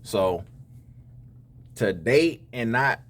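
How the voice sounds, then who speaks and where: Man, reaction host, casual commentary, preachy, talks to "fellas", repeats himself, mid-pitched voice. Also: lively intonation, extremely slow. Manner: preachy, addresses "fellas" directly, repeats words.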